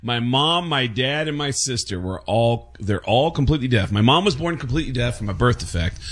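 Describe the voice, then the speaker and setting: A man from the Bronx, a comedian and guest on a talk show, telling quick stories and slipping into voices. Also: mid-range voice, expressive, fairly bright tone, husky. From the Bronx, New York. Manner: fast storyteller, jumps into voices.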